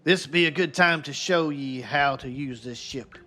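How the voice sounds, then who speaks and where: A man doing a gruff male pirate sailor voice with a drawling mock pirate accent while reading game dialogue aloud. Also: a little high, measured pace, sharp tone, soft background music. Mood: pirate bluster.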